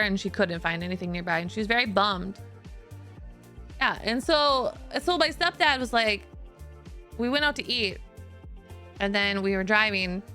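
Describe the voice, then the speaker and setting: A young woman streamer casually telling a story to her chat, giggly and animated, swearing freely. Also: mid-range voice.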